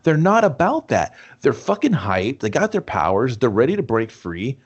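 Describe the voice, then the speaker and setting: Animated man ranting in disbelief. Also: medium pitch, normal speed, husky, muffled recording. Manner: incredulous ranting, profane. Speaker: podcast co-host. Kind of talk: casual movie review chat.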